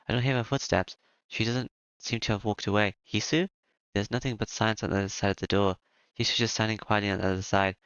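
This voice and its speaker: A man reading a visual novel aloud as its narrator, with a halting delivery and small fillers. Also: lowish voice, a bit bright, smooth, no echo. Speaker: game narrator. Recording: dull lo-fi with music behind.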